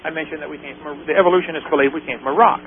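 A man's voice: fairly high pitch, steady tone, rapid-fire. A man hosting a call-in radio show, joking and telling anecdotes while he takes callers. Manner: jokey, tells anecdotes with put-on quoted voices. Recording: tinny phone-line sound with faint hiss.

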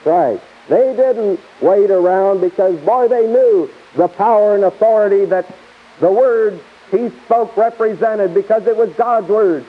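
A man's voice: sits high, a little slow, slightly rough. A man teaching verse by verse from the Bible in a sermon, emphatic and repetitive, with chuckling asides, on a tinny lo-fi tape.

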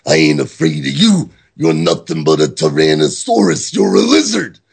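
A man putting on the voice of an intense, gravelly pro wrestler, delivering a dramatic promo with drawn-out lines. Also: on the low side, huge pitch swings, pitched below the performer's own voice, full character voice. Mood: taunting.

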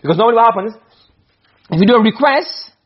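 A male teacher gives a lesson at a brisk pace, often stopping to ask the class whether they follow. His voice sits high and sounds husky. The recording is dull and lo-fi. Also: expressive. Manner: explains with repeated questions to students.

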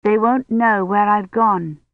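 A woman's voice: medium pitch, steady tone, takes it slowly, dry recording. A reader voicing a feverish young woman historian with a sore throat, frightened and confused. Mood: weak, frightened. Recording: dry tinny phone-like audio.

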